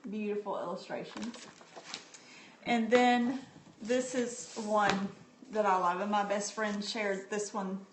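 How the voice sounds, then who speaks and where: A woman's voice: medium pitch, fairly even intonation, slow, background noise. A middle-aged woman hosting a casual live stream about books, talking in a chatty, heartfelt way with frequent ums. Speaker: livestream host sharing books. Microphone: phone. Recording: echoey room, phone mic.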